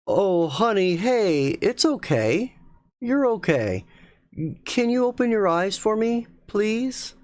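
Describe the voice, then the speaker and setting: A man voicing a caring husband who speaks softly and reassuringly. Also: high-pitched, big pitch swings, slow pace, no room sound, clean studio sound, voice pushed up, exaggerated voice. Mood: soothing. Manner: soft reassuring. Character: gentle caring husband, soothing.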